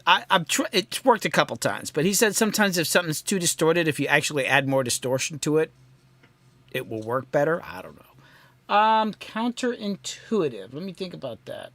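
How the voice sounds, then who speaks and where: Bright, higher-pitched rambling man. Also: lively intonation, moderate pace, no echo. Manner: rambling, self-deprecating, thinks aloud with many ums. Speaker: mix engineer hosting a live stream. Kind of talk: casual live-stream chat. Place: home mixing studio.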